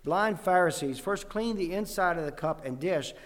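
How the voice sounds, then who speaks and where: Male pastor, sermon delivery, slightly high voice, long hall reverb. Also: lively intonation, normal speed. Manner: reads verses with rising force, then explains plainly; clears throat often, some restarts. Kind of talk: sermon with scripture reading.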